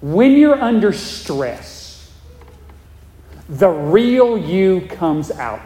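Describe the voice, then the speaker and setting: Speaking very slowly in a high, sing-song voice with a dark tone, a male preacher delivers an emphatic sermon. He repeats points and keeps checking in with his congregation with "all right?"; a large hall gives long reverb.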